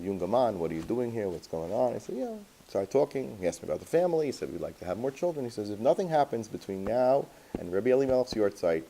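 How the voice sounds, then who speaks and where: A rabbi with a low, mellow voice shares a personal story with his class, lively and anecdotal, sprinkling in Yiddish and Hebrew words. He sounds relaxed and conversational, and there is a little hiss or hum.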